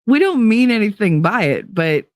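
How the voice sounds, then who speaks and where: A woman's voice: mid-range voice, big pitch swings, moderate pace, a little mellow, dry recording, studio quality. A woman, hosting her own show and chatting casually in a blunt, profane, storytelling way. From New Jersey. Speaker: podcast host. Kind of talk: casual chat.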